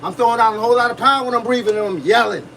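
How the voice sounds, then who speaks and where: High-voiced boxing coach preaching to viewers. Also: male voice, rapid-fire, gravelly, a bit bright, far from the mic, a little hiss or hum, rough recording. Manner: preachy, repetitive, talks to viewers, grunts while punching a bag. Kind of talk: livestream coaching talk.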